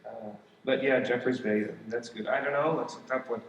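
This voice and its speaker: A soft-spoken man answering audience questions at a live session, halting with many fillers. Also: medium pitch, fairly even intonation, a little hiss or hum. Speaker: guest at Q&A. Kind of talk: casual Q&A answers. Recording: echoey room, far from mic.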